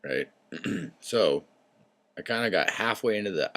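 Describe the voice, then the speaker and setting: A man hosting his own show, talking in a loose, rambling monologue that drifts into tangents, swearing freely and clearing his throat often. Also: deep voice, moderate pace, long pauses, fairly bright tone. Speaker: show host.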